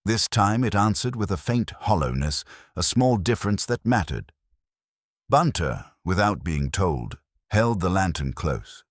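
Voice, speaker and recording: Deep deep guy reading a mystery audiobook, husky, swoopy intonation, dead dry sound. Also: sing-song, no echo. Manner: atmospheric, measured storytelling. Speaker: narrator. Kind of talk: scripted audiobook narration.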